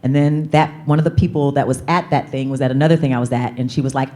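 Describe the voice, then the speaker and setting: Low-voiced woman giving a keynote. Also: quick pace. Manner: lively, leads call-and-response chants with audience. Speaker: keynote speaker and coach. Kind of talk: motivational keynote speech. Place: conference hall stage.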